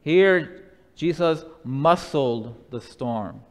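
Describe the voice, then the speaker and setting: Male pastor, unhurried sermon cadence, falls to quiet hushes, echoing sanctuary sound. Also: on the high side. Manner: slow, deliberate preaching that drops to a soft hush. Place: church sanctuary. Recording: long church reverb.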